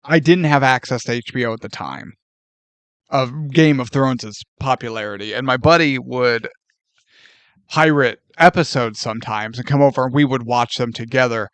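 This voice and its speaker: A man co-hosting a movie podcast, chatting casually and acting out quoted lines with lively laughter. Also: mid-range voice, moderate pace, dry recording. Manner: animated, laughs often, acts out quoted lines. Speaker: podcast co-host.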